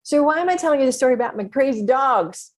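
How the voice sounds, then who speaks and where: A middle-aged woman hosting her own podcast, telling a story in a lively, conversational way with frequent exclamations and laughter. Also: high-pitched, fast talker. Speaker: podcast host and business mentor. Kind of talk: casual solo podcast monologue.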